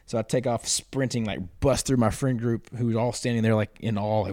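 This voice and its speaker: A man's voice: medium pitch, brisk, no room sound, clean studio sound. A young man, a podcast guest casually telling a story and acting out the quotes. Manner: animated storyteller, acts out quotes loudly.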